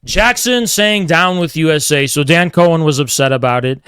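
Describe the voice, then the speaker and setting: Streamer guy going off, swearing nonstop, high clear voice, dry sound. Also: normal speed, fairly bright tone, no echo. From United States. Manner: profane, combative, repetitive. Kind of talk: heated livestream rant.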